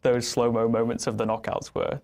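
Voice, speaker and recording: A man's voice: medium pitch, brisk, creaky. Laid-back young game designer man. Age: 20s. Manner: relaxed, filler-heavy, modest. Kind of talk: casual interview answers.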